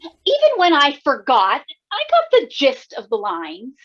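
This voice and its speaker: A woman's voice: high voice, huge pitch swings, unhurried, fairly bright tone, lo-fi sound, exaggerated voice. A woman playing a defensive, impatient stage actress who keeps forgetting her lines. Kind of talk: community theater stage play.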